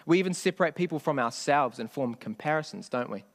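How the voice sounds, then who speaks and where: A man's voice: on the high side, expressive, quick pace. A man preaching a sermon in a conversational way, often asking the congregation questions. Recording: long hall reverb.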